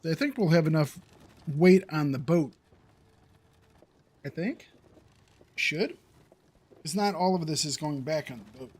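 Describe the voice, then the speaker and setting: A man's voice: a little high, measured pace, pauses often, a little mellow, slightly rough. A man streaming a survival game, chatting casually to his viewers and thinking aloud about his next moves. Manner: thinking aloud, talking to chat. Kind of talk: casual gameplay commentary.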